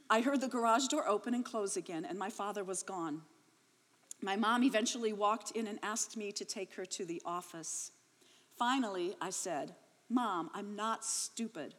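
A woman's voice: mid-range voice, in a large hall. A woman in her fifties giving an emotional spoken testimony, her voice rising and breaking as she tells it. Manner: reads her daughter's account, then tells her own, voice rising and breaking with emotion.

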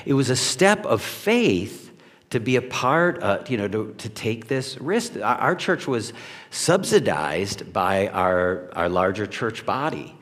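A male pastor delivers a sermon in a conversational, questioning manner, his pitch swinging up and down with lively expression. His voice rings out with the long reverb of a large church hall. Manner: conversational, animated, asks the congregation questions. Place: church sanctuary.

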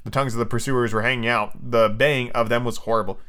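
A man hosting a casual podcast, reading a children's novel aloud and chatting excitedly about it. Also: medium pitch, quick pace. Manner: animated, chatty, reacting loudly to the story. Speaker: podcast host.

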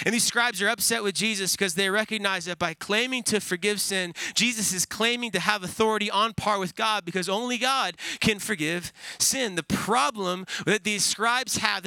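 A man's voice: high voice, bright, forceful tone, dry recording, poor audio. A man pastor preaching an earnest, emphatic sermon, repeating key phrases for weight.

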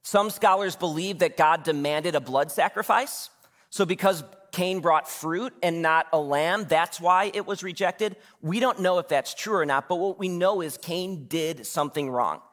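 Conversational pastor preaching in a reverberant church. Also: male voice, a little high, moderate pace, a bit bright. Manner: conversational, asks the congregation questions, acts out quotes. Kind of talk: sermon. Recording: long hall reverb.

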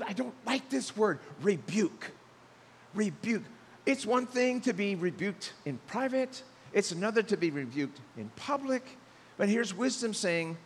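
Animated man preaching in a hall. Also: high-pitched, slight background noise. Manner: animated preaching, acts out quoted voices. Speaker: pastor. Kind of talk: sermon.

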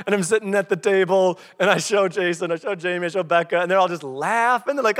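A man's voice: sits high, fast, few pauses, long reverb tail. A middle-aged man preaching a sermon as pastor, telling stories and acting out what people said. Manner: storytelling, animated, acts out quotes.

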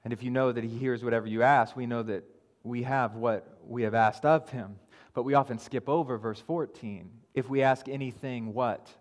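A man's voice: mid-range voice, normal speed. Guy preaching a sermon in church, voice rings out in a big hall, repeats himself for emphasis. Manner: builds from calm teaching to raised, insistent preaching; repeats and restarts phrases for emphasis. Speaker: pastor. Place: church sanctuary. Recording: long hall reverb.

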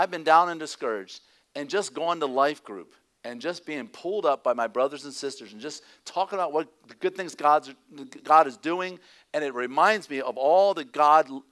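A male pastor preaching a sermon in an animated way, sometimes dropping to a hushed, near-whispered tone. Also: on the high side.

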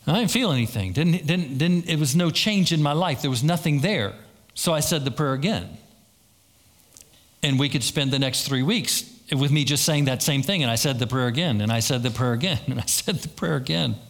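A man's voice: fairly high pitch, normal speed. A man preaching a sermon as pastor, telling stories and acting out quoted lines with a lot of repetition. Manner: storytelling with acted-out quotes and repetition.

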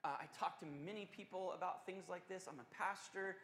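A man voicing an older pastor and family counselor who speaks calmly and earnestly, gently confronting strangers. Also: sits high, brisk, a little hiss or hum, voice pushed down. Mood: gentle firm. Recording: echoey hall.

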